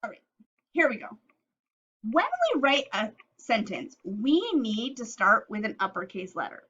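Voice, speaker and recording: A woman teaching a phonics lesson to young children, slowly stretching out and sounding each letter of the words. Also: a little high, lively intonation, a bit bright, husky, muffled recording.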